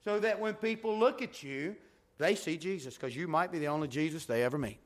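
A man's voice: fairly high pitch, a little fast. Fervent man preaching a revival sermon. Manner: emphatic preaching with rising and falling intensity. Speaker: pastor. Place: church sanctuary.

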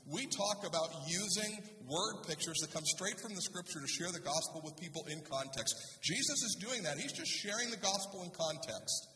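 A male pastor preaches conversationally in a church sanctuary, reading scripture and putting rhetorical questions to the congregation. His voice sits high and sounds expressive and sharp, at normal speed with hardly any pauses. The hall is echoey, he's far from the mic, and there's a little hiss or hum.

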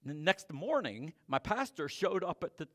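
A man preaching a sermon and sharing his own testimony, swinging between loud emphatic preaching and quiet confessional storytelling. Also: on the high side, very animated, moderate pace.

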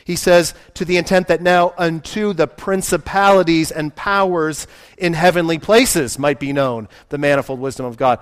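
A man's voice: on the high side, normal speed. A man preaching a sermon in a conversational way, asking his listeners questions and acting out the voices he quotes.

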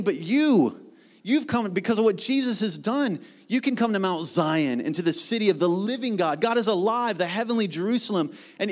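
A middle-aged man preaching a sermon in a conversational way, with quick asides. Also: high voice. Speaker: pastor.

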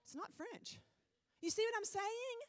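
High-voiced lady preacher, blunt, acts out people's excuses, dry sound. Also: unhurried, no echo. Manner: animated, blunt, mimics people mockingly. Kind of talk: sermon.

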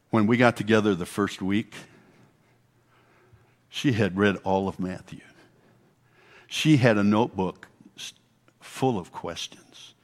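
Folksy man telling a story in a church hall. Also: on the low side. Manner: folksy storytelling with quoted dialogue. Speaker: church speaker. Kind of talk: testimony talk. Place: church sanctuary. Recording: long church hall reverb.

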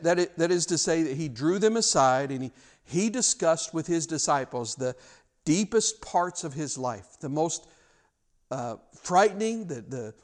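A pastor preaching a sermon retells a passage emphatically and animatedly, often restarting his sentences. His voice is on the high side.

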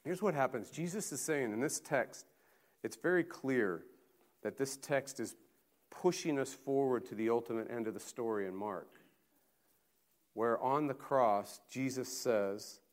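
A man preaching a sermon in a deliberate, emphatic way, with long pauses between phrases. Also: medium pitch.

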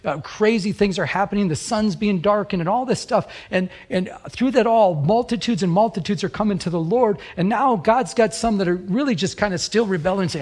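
A male pastor delivers a sermon in a somewhat high voice. He tells stories in an animated way and circles back on key phrases, doubling words to drive each point home. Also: a little fast, hardly any pauses. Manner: animated storytelling, repeats phrases for emphasis.

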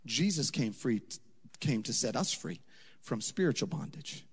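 Impassioned preacher in a reverberant hall. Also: male voice, mid-range voice, lively intonation, measured pace, slightly rough. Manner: impassioned, rising to emphatic peaks; conversational preaching with asides. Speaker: pastor. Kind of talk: sermon.

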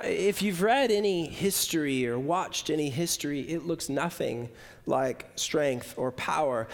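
Male pastor, high voice, sermon delivery with big swings from loud to hushed, rhythmic repetition. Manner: dramatic swings between loud emphasis and hushed, slow lines.

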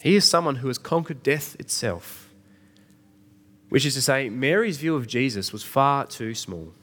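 A man's voice: mid-range voice, lively intonation, moderate pace, a bit bright. A middle-aged man preaching an Easter sermon in a conversational way, asking the congregation questions. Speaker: pastor.

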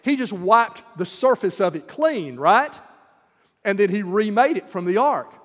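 Male preacher, high voice, emphatic sermon, echoey hall. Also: expressive, measured pace, fairly bright tone.

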